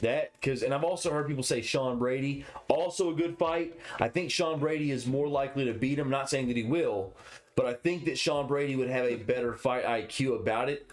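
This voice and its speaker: A man co-hosting a casual fight-reaction chat, animated and profane. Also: mid-range voice, brisk. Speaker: podcast co-host.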